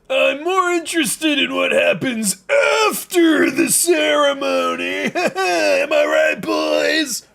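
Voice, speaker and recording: A man voicing a boastful, lecherous rich husband, growling and shouting like a showy wrestler in a comic reading. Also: very high-pitched, vocal fry, pitched above the performer's own voice, exaggerated voice. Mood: leering. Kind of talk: comic voice acting while reading a webcomic live.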